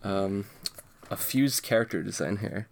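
Laid-back low-voiced man reading a comic. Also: unhurried, vocal fry, slight background noise. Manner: laid-back, rambling with many fillers, laughs often. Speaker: podcast co-host reading a comic. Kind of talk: casual chat.

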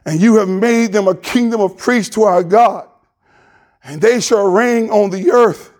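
High-voiced, slow, impassioned male preacher. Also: a little mellow. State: crying. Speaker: pastor. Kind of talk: sermon with prayer.

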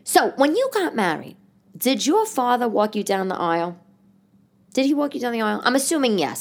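A woman in her thirties hosting a casual solo podcast, rambling through stories and acting out other people's voices. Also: fairly low pitch. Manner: animated, rambling storyteller who acts out voices. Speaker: podcast host.

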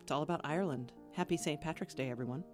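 A woman radio host co-hosting a podcast in casual chat, with a smooth, measured presenter delivery that turns conversational. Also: sits low, soft background music.

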